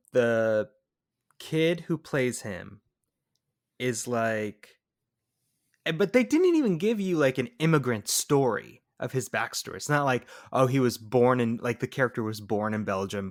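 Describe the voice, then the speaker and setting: A man co-hosting a film podcast, talking in animated casual chat and breaking into quick impressions. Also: medium pitch, no echo, clean studio sound. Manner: animated, excitable, jumps into impressions. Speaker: podcast co-host. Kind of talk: casual movie-review chat.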